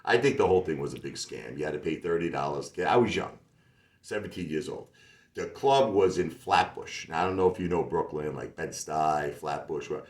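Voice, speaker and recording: Deep-voiced man telling a rambling story. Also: normal speed. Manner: rambling, full of "like" and asides. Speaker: singer-songwriter. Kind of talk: casual storytelling monologue. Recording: roomy echo with faint music behind.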